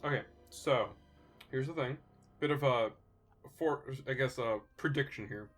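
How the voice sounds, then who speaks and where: A man's voice: medium pitch, a little slow, soft background music. A man playing a tabletop game, casually musing out of character. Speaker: player.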